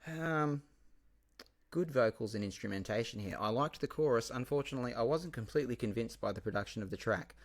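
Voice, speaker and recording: A man hosting his own podcast, talking casually on his own and swinging from quiet asides to loud, swearing outbursts. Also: mid-range voice, fairly quick. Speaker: podcast host and musician. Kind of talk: casual solo podcast monologue.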